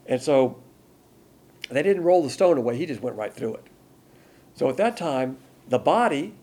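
An older man delivers a sermon in an easygoing, conversational teaching style, often posing questions and then answering them. His voice is gravelly and a little husky, with a mellow, dark tone and a pitch that climbs and dips freely. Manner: conversational preaching with rhetorical questions. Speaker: Bible teacher.

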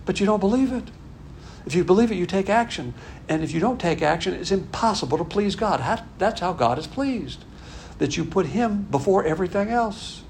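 A man's voice: high-pitched, expressive, normal speed, a little mellow, a little hiss or hum. An older man preaching a conversational sermon, folksy and emphatic, repeating his points. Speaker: pastor.

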